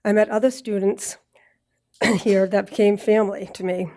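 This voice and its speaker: A woman with a Boston accent from Massachusetts giving a prepared speech at a graduation ceremony, a little nervous, clearing her throat now and then and dropping in joking asides. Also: mid-range voice, fairly even intonation, normal speed, warm tone. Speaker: graduate speaker. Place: ceremony with live audience.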